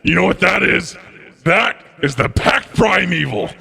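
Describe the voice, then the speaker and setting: A man voicing a huge, jovial, muscular tiefling boss with a hearty, booming manner. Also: expressive, measured pace, gravelly, husky, heavily acted. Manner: hearty, back-slapping, loud.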